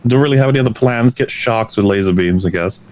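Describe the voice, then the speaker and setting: A man on a live stream panel, rambling in a halting, offhand way. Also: lowish voice, darkish tone. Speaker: panel guest.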